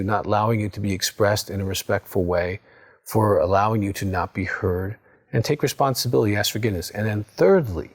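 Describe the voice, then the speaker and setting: A man's voice: lowish voice, gravelly, darkish tone, slightly rough. A man in his sixties, a psychologist giving a direct, coaching talk to viewers and often checking in with "okay?". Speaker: psychologist and recovery counselor.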